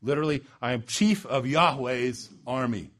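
A man preaching a sermon, building to loud emphatic peaks and dropping low and slow for weight. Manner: dramatic swings in pitch and loudness, slows for emphasis.

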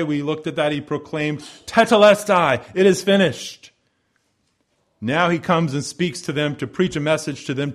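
Male preacher, lively sermon delivery, dramatic pauses, drops to near whisper. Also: a little high.

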